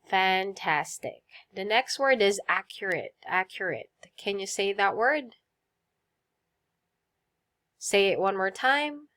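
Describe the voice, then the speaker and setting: A woman leads a vocabulary lesson at an unhurried, deliberate pace. She pronounces each word with care, has her listeners repeat it, and answers with quick praise. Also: mid-range voice, lively intonation, a bit bright. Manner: slow, clear drills with repeat prompts and praise. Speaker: teacher.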